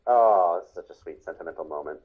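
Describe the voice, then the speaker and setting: Low-voiced man, chatty, muffled recording. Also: quick pace. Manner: rambling, laughs along, lots of fillers. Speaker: podcast co-host. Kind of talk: casual chat commenting on cartoons.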